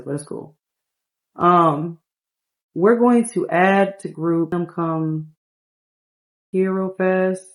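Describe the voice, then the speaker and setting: Woman casually narrating a life-sim game. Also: on the low side. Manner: rambling, relaxed storytelling. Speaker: gameplay narrator.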